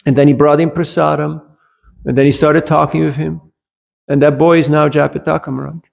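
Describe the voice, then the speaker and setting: A man's voice: fairly high pitch, level tone, a little fast, gravelly, darkish tone. A man giving a scripture class, telling anecdotes in a conversational way and often checking in with his listeners. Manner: switches briefly into German.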